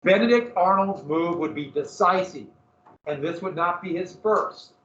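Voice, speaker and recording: A male history teacher lecturing a class in lively storytelling style and throwing questions to the students. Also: high voice, measured pace. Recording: echoey classroom from far off, dull lo-fi.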